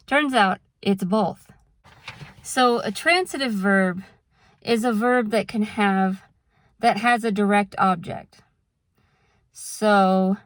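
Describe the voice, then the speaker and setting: A woman's voice: mid-range voice, no echo, clean studio sound. A woman vlogger talking casually to camera, explaining things patiently with examples and drifting into a frank rant. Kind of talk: casual talking-head monologue.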